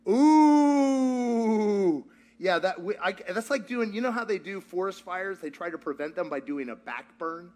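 A man's voice: sits high, expressive, a little slow, a little mellow. A man leading a church teaching session, playful and jokey, asking the audience questions and repeating their answers. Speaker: pastor leading a group discussion. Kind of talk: interactive teaching talk with audience.

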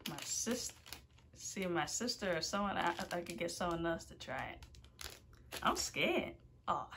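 A woman YouTuber hosting a casual food challenge vlog, talking nervously and exclaiming loudly. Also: on the low side, a little hiss or hum.

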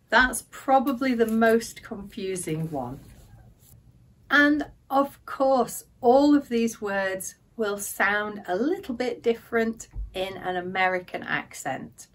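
A middle-aged Englishwoman teaches vocabulary to camera at an unhurried pace. Her English accent is clear, and she lifts her voice on key words. The mic sits a little way off, so she sounds slightly distant. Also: medium pitch. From England. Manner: slow, careful explanations with lively rises on key words.

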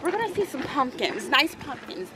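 A woman's voice: high voice, big pitch swings, normal speed, a crowd in the background. A woman in her thirties filming a casual family vlog outdoors on a farm with a handheld phone, talking in a playful, upbeat, joking way. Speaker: vlogger. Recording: loud background music over vlog. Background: loud music.

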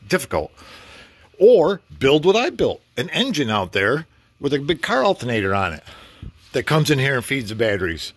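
A man's voice: mid-range voice, a bit bright, no room sound. A man casually vlogging a home-improvement project in his garage, rambling and chatty with mild cursing. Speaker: DIY vlogger.

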